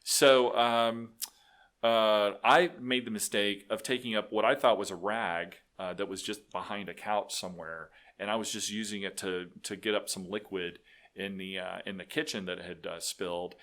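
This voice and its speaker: A middle-aged man, a guest telling animated work stories with many restarts. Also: on the low side, normal speed. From Texas. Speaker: guest, business owner. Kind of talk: casual storytelling.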